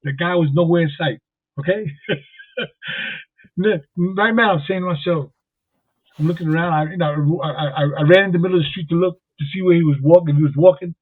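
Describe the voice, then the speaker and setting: A man from Jersey City telling rambling stories as a podcast guest, repeating words excitedly. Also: a little high, fairly quick, slightly rough, no room sound. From Jersey City, New Jersey. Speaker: guest, former boxing champion and police officer. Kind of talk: casual storytelling. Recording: tinny phone-like line, dry.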